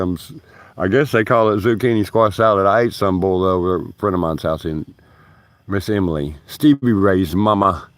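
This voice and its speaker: A union stagehand on a backyard livestream rambles through casual stories, laughing, swearing, and drawling. His voice sits on the low side, clear and resonant, with no echo on the phone camera set down near him.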